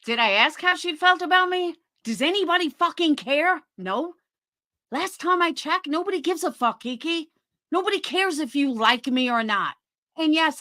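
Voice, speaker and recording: A woman's voice: high voice, pushed and bright, no echo, clean studio sound. A woman livestreaming, defending herself in an indignant, sarcastic tone while talking to her chat.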